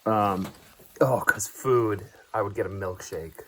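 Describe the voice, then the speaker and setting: A man's voice: lowish voice, slow pace, slight background noise. A man chatting casually to the camera on a long hike, tired and wry, outdoors on a forest trail. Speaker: hiking vlogger.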